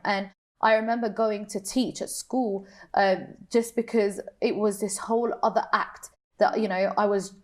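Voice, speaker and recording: A young woman on a panel, sharing a personal story of grief in a halting, emotional way with many restarts. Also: mid-range voice. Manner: emotional, halting, repeats herself. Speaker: panel guest.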